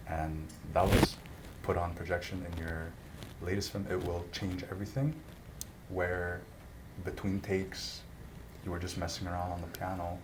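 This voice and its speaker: A man with a very low voice hosts a casual interview, asking questions and filling gaps with short affirmations. A steady background noise runs clearly under his voice.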